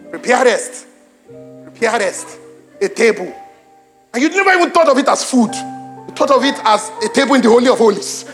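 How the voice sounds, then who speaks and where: A young man preaching a sermon to his congregation, animated, swinging between loud exclamations and hushed emphasis, repeating lines for emphasis. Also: very high-pitched. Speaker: pastor. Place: church auditorium with congregation.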